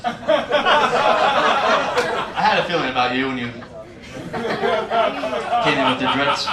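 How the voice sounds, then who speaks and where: A man's voice: mid-range voice, animated, unhurried, very noisy. A man performing a stand-up comedy set, acting out the voices of people in his stories. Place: comedy club stage. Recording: echoey club, mic far, loud crowd laughter.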